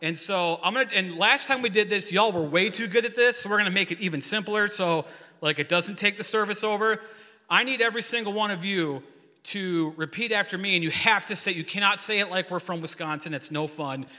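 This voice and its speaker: Man, youth pastor, joking rambling sermon, bright and high, church hall echo. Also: brisk. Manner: joking, energetic, rambling storyteller. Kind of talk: casual sermon with congregation call-and-response. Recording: long hall reverb.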